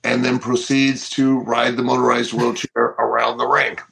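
A middle-aged man co-hosting a casual wrestling podcast, telling stories in an animated way and acting out what people said. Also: mid-range voice, moderate pace, gravelly, low-quality recording. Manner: animated storyteller, acts out quotes. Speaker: co-host.

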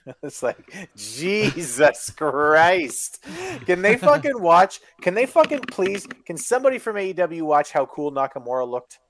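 A man's voice: on the high side, very animated, measured pace, a bit bright. A male co-host in casual chat, rambling, amused and swearing constantly.

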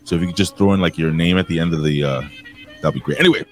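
A man's voice: low-pitched, racing, soft background music. A man co-hosting a wrestling talk show, rambling and cursing while joking around. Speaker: wrestling podcast co-host. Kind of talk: casual chat.

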